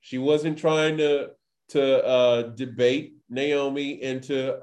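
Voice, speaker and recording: A man's voice: medium pitch, steady tone, slow, darkish tone. A man teaching a scripture passage in a loose, chatty way, full of filler words and acted-out quotes. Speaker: Torah teacher. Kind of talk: casual scripture study talk.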